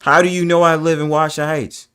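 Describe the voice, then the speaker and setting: A man's voice: on the high side, level tone, fast talker, fairly bright tone, clear, resonant tone. A man chatting on a live stream, blunt and defensive, cursing often. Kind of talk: casual live-stream chat.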